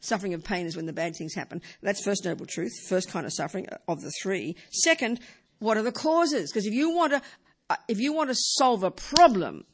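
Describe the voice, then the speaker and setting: Buddhist teacher, woman, lively and playful delivery, live hall talk. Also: medium pitch, slightly rough. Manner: lively, joking, repeats words for emphasis.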